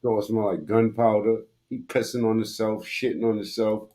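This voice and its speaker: A man's voice: fairly low pitch, steady tone, moderate pace, warm tone. A man giving crude, mocking commentary while reacting to a video. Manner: mocking, crude, laughs at what he watches.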